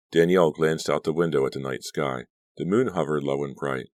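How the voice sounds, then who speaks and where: A man narrating a suspense audiobook with measured, dramatic storytelling. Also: extremely low pitch, no echo. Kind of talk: scripted narration.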